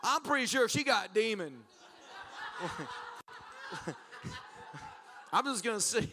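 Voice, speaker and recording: Preaching to his congregation, this man works through stories with laughter and plays out the exchanges he describes. He speaks slowly in a high voice, leaving long pauses, and a little hiss or hum sits under the recording.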